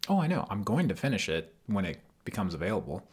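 A man co-hosting a podcast in casual chat. He teases dryly in a calm way. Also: lowish voice, fast, husky. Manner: calm, dry teasing. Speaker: podcast co-host and editor.

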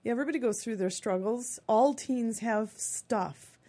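Chatty expressive woman in her fifties. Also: a little high, normal speed. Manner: chatty and expressive, acts out quotes in lively voices. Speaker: guest. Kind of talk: personal storytelling on a radio talk show.

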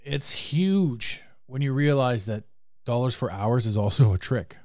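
A man's voice: medium pitch, animated, measured pace, darkish tone, dry recording, clean studio sound. A man hosting a podcast, giving a frank, earnest motivational monologue and swearing casually. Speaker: podcast host.

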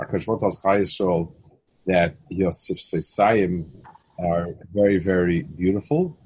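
A man's voice: on the low side, darkish tone, husky. A man teaching a Torah text study, often stumbling and repeating words, weaving Hebrew terms into his English. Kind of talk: halting text study lesson.

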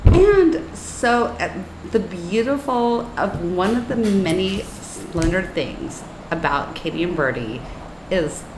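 Slow, lively-voiced woman in an echoey room. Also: fairly low pitch, background noise. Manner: slow, amused, laughs often. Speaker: podcast co-host. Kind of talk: casual chat. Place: apartment room.

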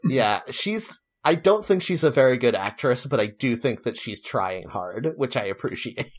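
A man's voice: mid-range voice, expressive, normal speed. A man co-hosting a casual chat, rambling and opinionated, with lots of fillers. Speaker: podcast co-host.

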